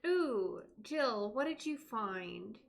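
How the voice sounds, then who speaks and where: A woman's voice: fairly high pitch, animated, drawn-out words, creaky. A young woman streaming a life-sim game, chatting casually to her characters and to her viewers. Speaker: live streamer. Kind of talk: casual gameplay commentary.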